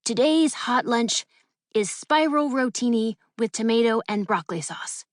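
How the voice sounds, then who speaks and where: A woman's voice: high voice, moderate pace, no room sound, clean studio sound, pitched above the performer's own voice, close to an everyday voice. A woman doing a stiff boy news anchor. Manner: forced smile, stilted reading.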